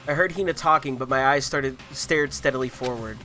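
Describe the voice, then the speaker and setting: A streamer narrating a visual novel aloud, breaking into loud swearing reactions. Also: male voice, medium pitch, brisk, soft background music.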